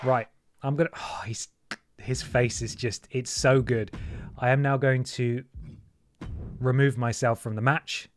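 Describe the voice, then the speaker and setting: A man's voice: mid-range voice, fairly even intonation, measured pace, pauses often, a little hiss or hum. A man chatting casually to his viewers while he streams a wrestling video game, joking as he goes. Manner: chatty, jokey, talks to chat and mods. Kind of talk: casual live-stream commentary.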